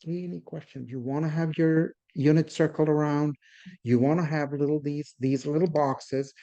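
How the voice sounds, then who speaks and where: Slightly high-voiced male math teacher. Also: steady tone, moderate pace, dark tone, muffled recording. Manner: explains step by step, often checks in with "okay?" and "right?"; addresses the class as "guys", invites questions. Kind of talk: classroom lecture.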